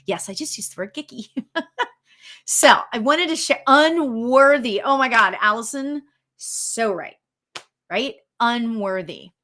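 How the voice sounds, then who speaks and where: Chatty, animated woman host. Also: measured pace, a little hiss or hum. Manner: chatty and encouraging, reads viewer comments aloud; animated, leaps in pitch, laughs often. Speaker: spiritual medium hosting a live show. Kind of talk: casual live-stream talk.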